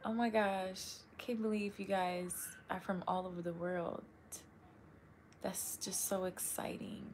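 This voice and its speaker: A young woman hosting a casual live stream, chatting warmly with viewers, greeting them by name and saying "y'all", a little tired from long work weeks. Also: mid-range voice, little pitch movement, a little slow, noisy background.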